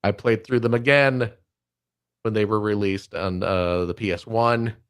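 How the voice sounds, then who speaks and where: A man's voice: fairly low pitch, fairly even intonation, measured pace, smooth. A middle-aged man co-hosting a podcast, chatting casually with dry sarcastic humor. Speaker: podcast co-host. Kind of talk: casual chat.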